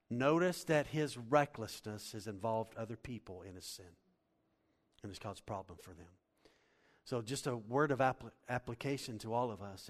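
A man preaching a sermon in a church, dramatic, swinging from hushed tones to loud exclamations. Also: fairly low pitch. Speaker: pastor. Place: church hall. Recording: long hall reverb.

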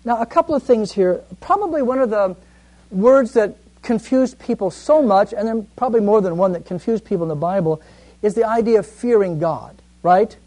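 High-voiced man teaching Bible study. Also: expressive, moderate pace, warm tone, rough recording. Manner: conversational, asks the group questions and answers them himself; reads scripture aloud, then explains it.

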